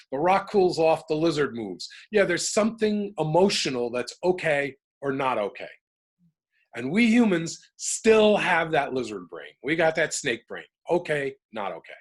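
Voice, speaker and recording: A middle-aged American man, an interview guest, talks emphatically about working through his emotions in reflective personal talk. Animated and emphatic, he processes his feelings aloud in a slightly rough, mid-range voice.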